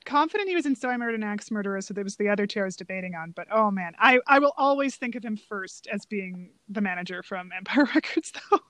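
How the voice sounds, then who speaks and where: A woman co-hosting a movie podcast, enthusiastic and quick to laugh. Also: medium pitch, expressive, fairly bright tone, no echo. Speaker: podcast co-host. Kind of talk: casual chat about movies.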